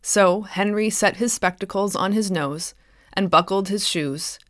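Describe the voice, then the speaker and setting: A woman author reading her own short story aloud in a measured, expressive way, close to the mic. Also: mid-range voice, no echo.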